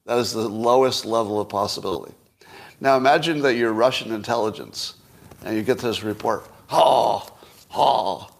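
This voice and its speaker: A man's voice: lowish voice, brisk. A man talks alone on his own podcast, riffing on current affairs. He is wry and skeptical, lining up rhetorical questions and letting out dry little chuckles between points. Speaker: podcast host. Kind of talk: solo political commentary.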